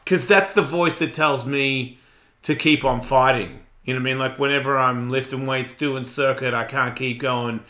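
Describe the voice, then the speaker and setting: A man in his forties hosting a radio show, talking in a casual, blunt, profane and animated way. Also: mid-range voice, normal speed. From Australia. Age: 40s. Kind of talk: casual chat.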